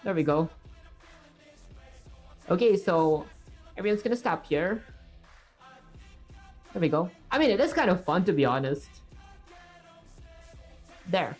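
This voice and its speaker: A woman's voice: fairly low pitch, expressive, measured pace, long pauses, darkish tone, soft background music. A woman live-streaming as she codes, talking casually to her viewers, rambling and reaching for words with fillers as she thinks aloud. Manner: chatty, rambling, with filler words and self-talk. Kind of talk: casual livestream commentary while coding. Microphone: streaming setup with webcam.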